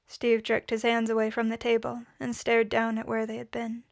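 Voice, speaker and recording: A woman reading fiction aloud in a steady, measured narration. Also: on the high side, creaky, no room sound, clean studio sound. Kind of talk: audiobook-style fiction reading.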